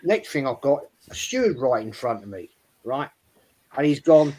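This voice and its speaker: A man's voice: medium pitch, big pitch swings, moderate pace, dark tone. A man, telling a rambling, swearing story on a football podcast. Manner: swearing, rambling, lots of "right?". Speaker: podcast panelist, Arsenal fan. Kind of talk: casual football chat, storytelling.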